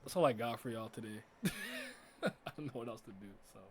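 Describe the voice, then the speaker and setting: A man giving a casual reaction commentary as a streamer, laughing and swearing with loud frustrated outbursts. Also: mid-range voice, brisk, slight background noise. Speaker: streamer reacting to an anime episode.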